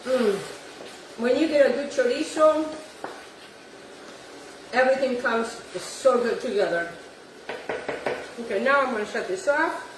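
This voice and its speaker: A woman's voice: fairly high pitch, measured pace, long pauses, echoey room, recorded from a distance, noisy background. A woman hosting a home cooking demonstration, gushing over the food and dropping in Italian words. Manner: effusive, repeats "beautiful" and "wonderful", drops Italian words. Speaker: cooking show host. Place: home kitchen.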